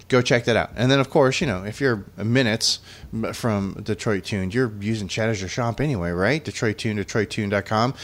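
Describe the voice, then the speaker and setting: A man hosting a casual car podcast, chatting loosely and rolling into upbeat sponsor plugs. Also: lowish voice. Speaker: podcast host.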